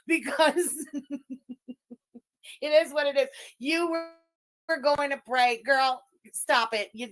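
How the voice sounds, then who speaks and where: A woman whose first language is French, hosting a livestream and ranting in a profane, mocking, combative way while reacting to clips. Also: high-pitched. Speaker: streamer commentator.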